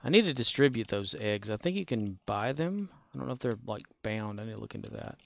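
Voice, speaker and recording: A man's voice: on the low side, lively intonation, brisk, gravelly, a bit bright, no echo. A man streaming a video game and chatting casually in a rambling way, with chuckling asides. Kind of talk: casual gaming commentary.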